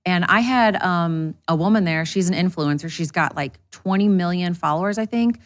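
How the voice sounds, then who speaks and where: A woman's voice: lowish voice, moderate pace. A woman guest on an interview show, talking through her business in casual, candid chat and swearing freely.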